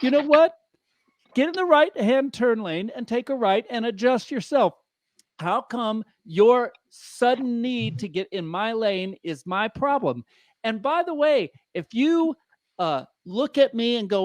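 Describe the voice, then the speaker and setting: A man's voice: very high voice, expressive, slow pace, no room sound. A man guesting on a casual podcast, griping in an exasperated, profane way.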